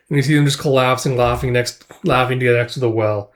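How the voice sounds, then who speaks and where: A laid-back man recaps a comic story, chuckling as he goes and leaning on casual fillers. His pitch sits in the ordinary middle range for a man. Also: little pitch movement, fast, few pauses.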